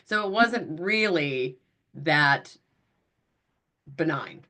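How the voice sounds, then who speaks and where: A woman's voice: sits low, animated, drawn-out words, sharp tone. A woman co-hosting a podcast in casual chat, reflective and prompting her friend to tell a story. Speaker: podcast co-host.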